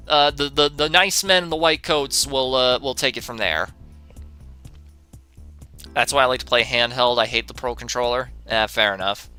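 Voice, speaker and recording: A man's voice: on the high side, normal speed, bright, forceful tone, clear, resonant tone, faint music behind. A young man streaming a game, answering chat in a sarcastic, profane way and laughing often.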